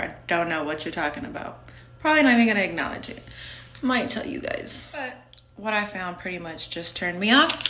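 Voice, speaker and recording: A woman's voice: lowish voice, bright, forceful tone, roomy sound, a little hiss or hum. A woman telling her own story in a casual, candid, blunt way, full of "like". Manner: candid and blunt, with many fillers of "like".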